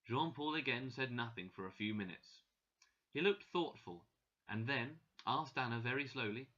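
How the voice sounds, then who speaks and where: Bright-voiced man reading a learners' story. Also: mid-range voice, animated, normal speed, dull audio. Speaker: narrator.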